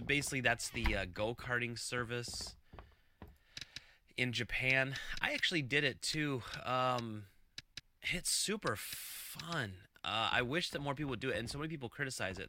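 Rambling man hosting a podcast over loud clicks. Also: medium pitch. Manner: rambling, filler-heavy, chuckling asides. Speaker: podcast host. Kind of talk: casual live-stream podcast chat. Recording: loud clicking noise behind the voice.

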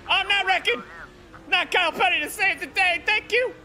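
Male streamer, very high lively bright voice, excitable and profane commentary. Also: normal speed, soft background music. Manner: excitable, profane, yells at rivals. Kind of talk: gameplay commentary.

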